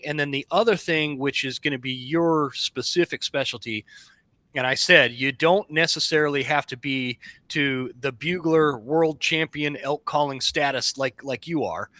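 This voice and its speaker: A man's voice: fairly high pitch, moderate pace, sharp tone, no echo. A man hosting a podcast, talking casually and at length, restarting phrases before getting to his question. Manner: rambling, self-correcting, talks at length before asking. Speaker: podcast host.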